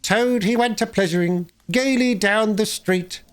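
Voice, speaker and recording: A man voicing a pompous male weasel chief in a high, squeaky voice, mocking and stretching his words out theatrically. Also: measured pace. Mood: mocking, gloating.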